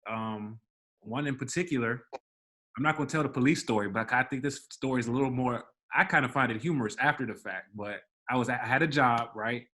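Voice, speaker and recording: A man's voice: medium pitch, fairly quick. A young man from the Washington DC area, a podcast co-host telling a story in casual chat, acting out the voices of the people in it. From Washington DC area, Maryland. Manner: animated storyteller, acts out quoted voices.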